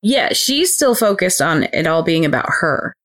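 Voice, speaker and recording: A woman's voice: lowish voice, sing-song, moderate pace, a bit bright. A woman co-hosting a casual comedy podcast, brainstorming a movie plot and slipping into acted character voices. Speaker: podcast co-host.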